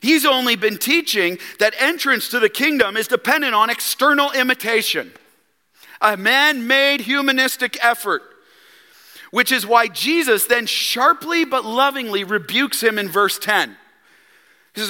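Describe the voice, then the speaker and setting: Emphatic, bright-voiced man preaching a sermon. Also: very high-pitched, measured pace, in a large hall. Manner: emphatic, rhetorical questions, voices Jesus and Nicodemus in quotes. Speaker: pastor. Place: church sanctuary.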